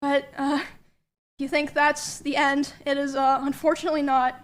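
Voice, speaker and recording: A woman reading a prepared personal statement in a measured, hesitant way. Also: high-pitched, flat delivery.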